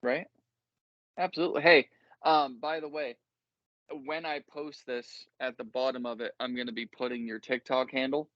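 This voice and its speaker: A man's voice: medium pitch, steady tone, normal speed, a bit bright, dry recording, highs cut off. A man hosting a casual podcast chat, rambling and self-deprecating, laughing easily. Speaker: podcast host.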